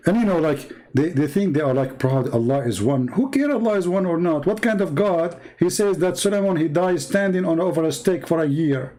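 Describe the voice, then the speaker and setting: A man's voice: on the high side, moderate pace, dark tone. A man hosting a live-streamed religious debate, mocking and sarcastic, who laughs at his opponent and hammers his points through repetition. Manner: emphatic, repeats points. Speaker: livestream host debating a caller.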